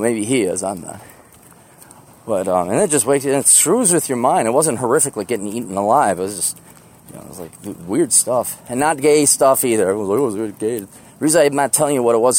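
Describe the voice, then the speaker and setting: This podcast host's voice is mid-range, expressive and darkish, and he moves at a quick pace. He's out walking to the bus, rambling casually, poking fun at himself and laughing a lot.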